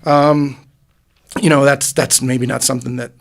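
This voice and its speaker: A man's voice: mid-range voice, little pitch movement, normal speed, vocal fry. A man, a musician guest in a podcast booth, telling his story in a casual, earnest, rambling way with many restarts. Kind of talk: casual interview.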